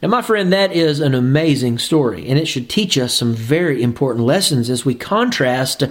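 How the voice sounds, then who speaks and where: A man's voice: medium pitch, lively intonation, normal speed. A man preaching a sermon and reading scripture aloud, emphatic and rising on key phrases.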